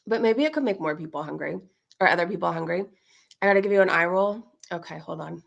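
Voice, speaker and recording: A woman's voice: fairly low pitch, quick pace, gravelly, dull audio. A woman hosting a casual livestream, chatting to her viewers and laughing often. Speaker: livestream host.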